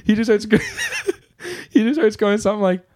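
A young man co-hosting a casual podcast chat, excitable and quick, often laughing as he tells stories. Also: high-pitched. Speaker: podcast co-host.

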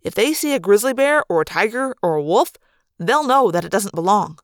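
A woman voicing a wisecracking teenage boy with a teasing, quick-witted manner. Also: medium pitch, animated, dry recording, studio quality, lightly acted. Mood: thoughtful.

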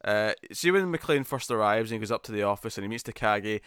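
Man with a halting, dry-sounding voice. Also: lowish voice, expressive, a bit bright, clear, resonant tone, no room sound. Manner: halting, repeats words, laughs between points. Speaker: podcast co-host. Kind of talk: casual film discussion.

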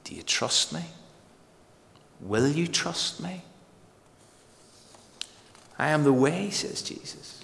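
Guy preaching a sermon, emphatic, slows way down on key lines, long echo like a big church. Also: a little high, animated, gravelly, fairly bright tone, slight background noise. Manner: emphatic, varied pace with slow dramatic pauses.

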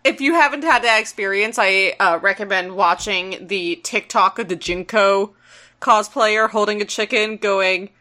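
A woman's voice: medium pitch, unhurried. A woman co-hosting a podcast, chatting playfully and laughing easily. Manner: animated, giggly, playful. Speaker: podcast co-host. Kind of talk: casual chat recapping a cartoon.

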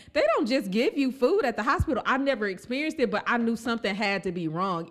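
A woman talking casually, her voice at a middle pitch. She tells the story with energy, slipping into the voices of the people she quotes and laughing along the way. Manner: animated, acts out quoted voices, laughs often. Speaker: storyteller recounting a family story.

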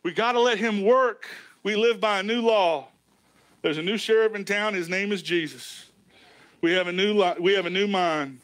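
A man preaching a sermon as a pastor, emphatic and folksy, swinging between loud lines and hushed ones. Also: sits high, normal speed, dry recording. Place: church sanctuary.

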